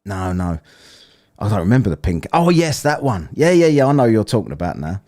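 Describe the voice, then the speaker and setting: A man's voice: on the low side, a little fast. A man with an English accent hosting a casual panel chat, swearing freely, teasing his guests and telling stories. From England. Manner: swearing, teasing, lively storytelling.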